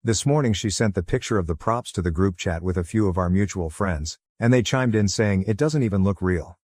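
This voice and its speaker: A man with a deep, low voice narrates a personal story in steady, measured tones. The sound is close and dry, with no room around it. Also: no echo. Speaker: narrator of a forum post.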